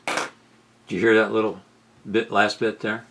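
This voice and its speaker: A man's voice: fairly low pitch, flat delivery, measured pace, noisy background. Sarcastic, incredulous male commentator. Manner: sarcastic, incredulous, rising to loud outbursts. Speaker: commentary host. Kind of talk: political commentary over video clips.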